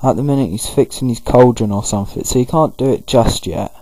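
A gaming video host gives loose, rambling let's-play commentary over a video game playthrough, filling it with fillers. His medium-pitched voice is mellow and fairly quick, and the recording quality is low.

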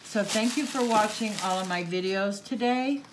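A woman's voice: medium pitch, normal speed, background noise. An older woman hosting a crafts vlog, gushing and exclaiming as she opens gifts on camera. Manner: gushing, exclaiming, easily moved. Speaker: crafts channel host. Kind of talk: casual unboxing vlog.

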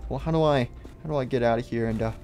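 A man's voice: mid-range voice, very fast, warm tone, a little hiss or hum. A man mumbling hesitantly through a game roleplay, full of ums and restarts. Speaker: roleplay youtuber playing the boy hero.

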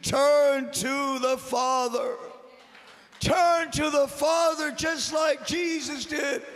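A man preaching a Good Friday sermon in a church sanctuary, swinging from hushed whispers to shouted exhortation and repeating short phrases for emphasis. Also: very high-pitched, steady tone, takes it slowly. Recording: long church reverb.

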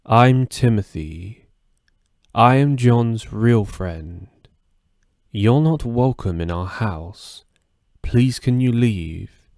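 A man voicing a creepy, possessive boy who speaks in a slow, flat, demonic monotone. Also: medium pitch, creaky, dry recording, clean studio sound, full character voice. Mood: cold menacing.

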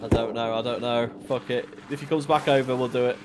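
A man's voice: medium pitch, fairly even intonation, a little fast, noisy background. A man calling out urgent, punchy commands to his squad in a military game over a headset. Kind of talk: shouting quick orders over voice chat.

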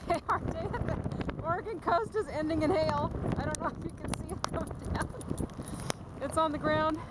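A high-voiced woman talks a little fast while filming her hike, breathless, chatty, and calling out to her dogs. She's on a forest and dune trail, and the handheld camcorder mic picks up steady background noise in this casual vlog narration.

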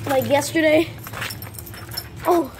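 A woman's voice: sits high, takes it slowly, darkish tone, slight background noise. A woman vlogging on a handheld phone outdoors in a backyard, chatty and rambling as she talks to her dog. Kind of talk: casual vlog talk.

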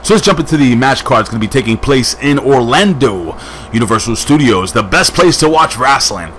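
A man's voice: medium pitch, a little fast, slight background noise. Rambling, jokey man reviewing wrestling. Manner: rambling, jokey, lively asides. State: hyped on coffee. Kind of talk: casual video review.

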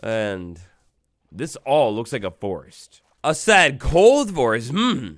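A man's voice: medium pitch, sing-song, takes it slowly, dry recording, studio quality. A young man giving playful, theatrical commentary while playing a survival video game, talking to the animals and villagers he meets. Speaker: gaming YouTuber. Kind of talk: Minecraft let's play commentary.

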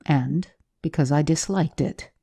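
A woman's voice: low-pitched, measured pace, vocal fry, warm tone, breathy edge, full character voice. A woman reading aloud, voicing a domineering old mother who speaks coldly and scornfully to her son. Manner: cold, scornful.

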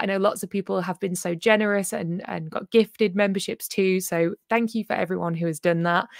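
A woman's voice: medium pitch, gravelly, no echo, studio quality. A woman hosting a casual livestream, chatty and full of fillers as she talks to her viewers. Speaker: livestream host.

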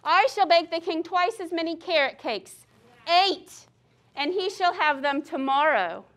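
A woman's voice: very high-pitched, lively intonation, unhurried, fairly bright tone, full character voice. A woman voicing a grand, showy macaw who announces in a storybook read-aloud.

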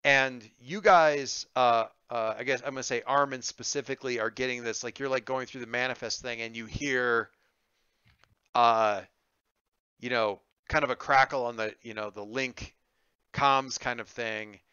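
A man's voice: medium pitch, fairly even intonation, normal speed, pushed and bright, clear, resonant tone, no room sound, lo-fi sound. A man narrating a tabletop game as game master, talking in a rambling, easygoing way with many ums and restarts.

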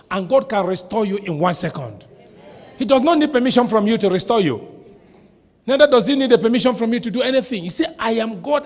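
A man preaching a sermon as a pastor, shouting some lines and slowing hard on others. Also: high-pitched. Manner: preaching with sudden shouts and dramatic slow stretches. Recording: long hall reverb.

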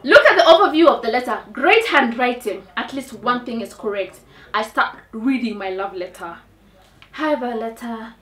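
A young woman with a Kenyan accent telling a comic personal story in a dramatic, animated way. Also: a little high, normal speed. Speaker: storyteller on a talk show. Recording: echoey room, mic at a distance.

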